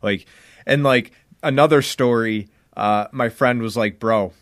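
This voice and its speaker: A man's voice: medium pitch, unhurried, a bit bright, no room sound, studio quality. A young man hosting a podcast, telling a story in loose, rambling chat full of "like" and swearing. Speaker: podcast host.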